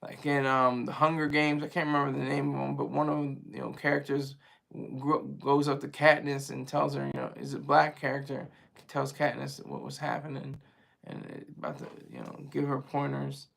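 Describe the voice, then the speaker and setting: A man's voice: medium pitch, flat delivery, moderate pace, gravelly, a bit bright. A man hosting a livestream, talking casually with his viewers in a rambling, chatty way and laughing easily. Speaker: livestream host reading viewer chat.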